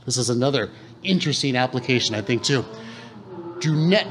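A man's voice: mid-range voice, brisk, long pauses, slight background noise. A man preaching a sermon in a conversational way, often asking the congregation questions. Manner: animated, conversational, asks the room questions. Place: church hall.

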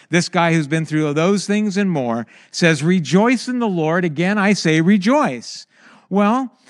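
A man preaching a sermon in an animated way, stammering when excited and breaking into anguished high cries. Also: dry recording, studio quality.

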